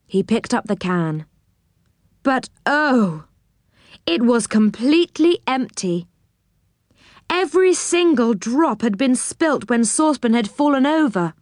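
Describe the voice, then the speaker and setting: Slow, gentle woman reading a storybook. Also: on the high side, no echo, clean studio sound. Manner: slow, gentle, expressive reading with voices for characters. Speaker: storybook reader. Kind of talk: reading a children's chapter book aloud.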